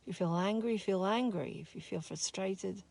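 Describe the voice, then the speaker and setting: A woman teaching a spiritual course in a slow, soft, heartfelt way, openly sad as she talks. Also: medium pitch, vocal fry. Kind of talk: reflective spoken talk.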